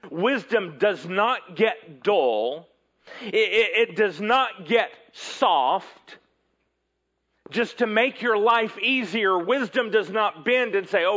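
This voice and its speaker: Man, pastor, sermon, slow deliberate delivery, trailing off soft and low, muffled recording. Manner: earnest preaching, drops low and quiet at ends of phrases.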